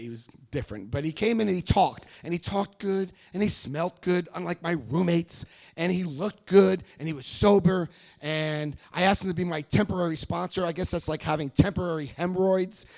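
Male recovery speaker, a touch high-pitched, animated and self-mocking, telling a personal story with humor. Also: vocal fry, no echo.

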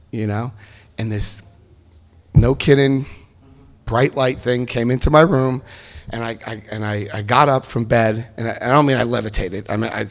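Man in his fifties, recovery-meeting testimony, lively storytelling, jokes and high-pitched quotes. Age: 50s. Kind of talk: personal testimony to an audience.

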